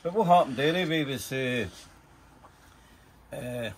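A man's voice: mid-range voice, a little slow, slight background noise. An older Scottish man telling rambling, profane stories in casual conversation, full of fillers and asides. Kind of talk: casual storytelling.

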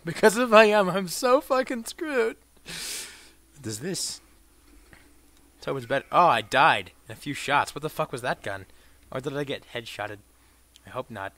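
A young man giving crude, profane commentary over a shooter game, swinging between mumbled asides and shouted bursts. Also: medium pitch, no room sound. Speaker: gameplay commentator. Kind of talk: let's play commentary.

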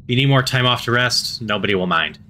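A man reading the lines of a reserved woman doctor and chief engineer in an even, measured, neutral voice. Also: medium pitch, slight background noise. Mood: calm.

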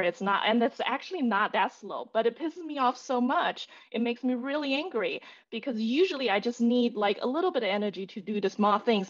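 A woman therapist from China speaks frankly and reflectively in a podcast chat. Her voice sits mid-range, and the recording sounds dull and muffled. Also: mid-range voice. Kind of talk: casual panel chat. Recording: muffled lo-fi audio.

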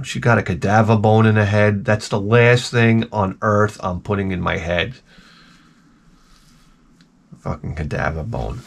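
A man's voice: lowish voice, breathy edge. Sarcastic New York man ranting. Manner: exasperated and sarcastic, heavy swearing. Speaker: retro game channel host. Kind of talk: profane comic rant.

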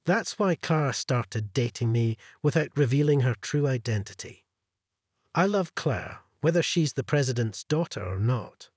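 A husky-voiced man reads a first-person story aloud, his pitch rising and falling in a lively way. The sound is dry and close, with no room around it. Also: moderate pace, no room sound. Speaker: narrator. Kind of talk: scripted story narration.

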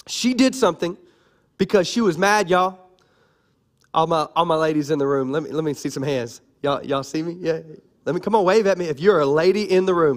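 A man pastor preaching a sermon in church, animated and playful, calling out to his congregation. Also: a little high.

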